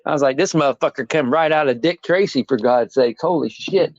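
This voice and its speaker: A man, co-hosting a casual sports podcast, telling animated, profane stories and quoting himself. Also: on the high side, brisk, no room sound. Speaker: podcast co-host. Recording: dull, dry lo-fi sound.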